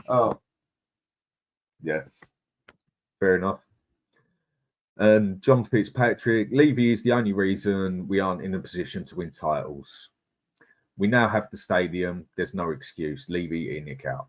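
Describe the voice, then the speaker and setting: A man co-hosting a casual live stream reads out viewer comments in a blunt, opinionated, chatty way, often saying "mate" and laughing. His voice is low and slightly rough, and he speaks at a moderate pace with frequent pauses.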